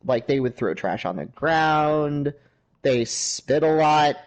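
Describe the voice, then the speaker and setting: A man's voice: fairly high pitch, takes it slowly. A man telling a long travel story in a casual chat, acting out the voices of the people in it. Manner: animated storyteller, acts out quoted voices. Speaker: livestream co-host. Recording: noisy gameplay audio behind. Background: gunfire from a video game.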